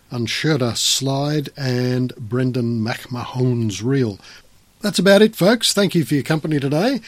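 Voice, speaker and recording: A man's voice: medium pitch, slightly rough, dry recording. A man hosting a radio music show, chatting easily as he back-announces the songs and signs off. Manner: easygoing, chatty, wraps up warmly at the close.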